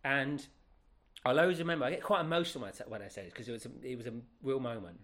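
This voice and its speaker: Guy in his 50s, rambly interview guest, keeps correcting himself, normal pitch. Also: rapid-fire. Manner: animated, rambling, many self-corrections. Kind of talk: casual interview storytelling.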